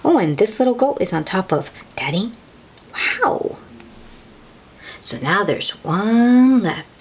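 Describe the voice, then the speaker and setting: A young woman reading a children's picture book aloud, gently exclaiming and pointing things out to young listeners. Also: medium pitch, big pitch swings, normal speed, breathy edge. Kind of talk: read-aloud storytime.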